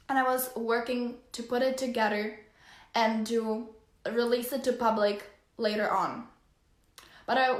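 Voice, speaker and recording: A woman hosting a motivational live stream who reads viewers' comments. She speaks in a gushing, effusive way and is quick to tears. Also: a little high, roomy sound. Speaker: life coach host.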